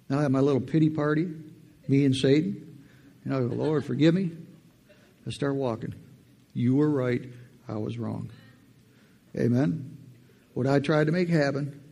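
A man preaches a personal testimony in church, his voice gravelly with fry. He talks plainly through the story and then winds up into energetic exhortation. The tone is dark and a little husky. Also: mid-range voice. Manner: animated, builds to fired-up preaching. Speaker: lay preacher. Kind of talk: testimony sermon.

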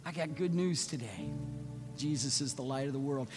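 A man preaching a sermon as pastor, swinging from loud, rapid urging to soft, slow passages. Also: mid-range voice, lively intonation. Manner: building to loud, fast repeated urgings, then dropping soft and slow. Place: church sanctuary. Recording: long church reverb with soft music.

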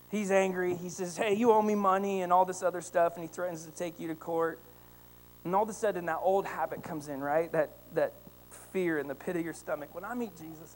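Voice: mid-range voice, a little hiss or hum. A pastor delivers a sermon to his church, spinning an everyday story and turning it into a lesson. He speaks straight to the congregation, tossing in "right?" to pull listeners along, and builds toward fervent, emphatic declarations. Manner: storytelling, addressing the congregation directly with rising fervor; frequent "right?" tag questions.

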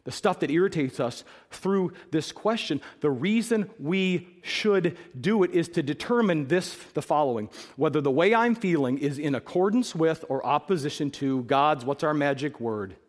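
A high-voiced male pastor preaches a sermon at normal speed with few pauses, his intonation lively. He delivers emphatically, repeating key phrases to drive them home, his pitch leaping and falling widely as he presses each point.

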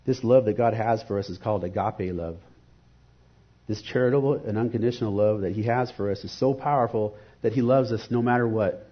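A man's voice: on the low side, a little fast, husky, highs cut off. A man giving an earnest, reflective devotional sermon and posing rhetorical questions.

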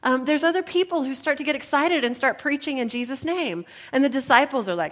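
Reading scripture and preaching, a woman pastor speaks high and brisk with hardly a pause. She's animated and playful, acting out the disciples in little asides.

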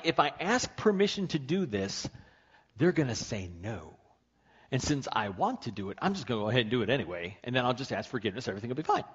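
A man's voice: fairly high pitch, husky, lo-fi sound. A man preaching a sermon in a conversational, emphatic way, often asking the congregation questions. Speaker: pastor.

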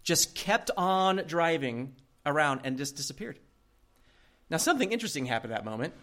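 A male pastor preaching a sermon, telling a story in an animated way and laughing often. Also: a little high, normal speed.

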